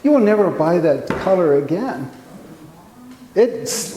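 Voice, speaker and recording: A man's voice: sits high, lively intonation, unhurried, dark tone. Man in his 60s, chatty art teacher with a live class, roomy reverb. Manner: chatty, self-mocking, rambling with restarts. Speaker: painting teacher. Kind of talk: casual talk to a live class. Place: room with a small live audience. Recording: echoey hall with faint noise.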